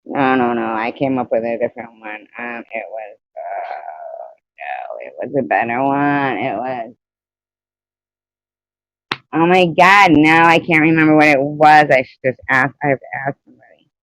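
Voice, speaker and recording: Woman, livestream host, slow casual talk, reads chat aloud, laughs a lot, dry sound. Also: extremely low pitch, lively intonation, a bit bright, no echo, poor audio. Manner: rambling, reads out chat comments and greets viewers; laughs often between remarks. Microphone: phone.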